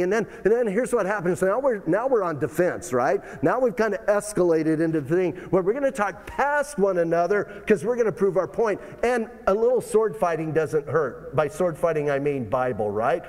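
A man preaching a sermon as pastor, animated, full of rhetorical questions and big swings in tone. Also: high voice, fairly quick, few pauses, big-room sound.

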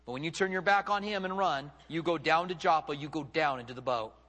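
A man's voice: fairly high pitch, a little fast, sharp tone, dull audio. A male pastor preaching a sermon, acting out quotes with big dramatic swings in his voice. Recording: long hall reverb.

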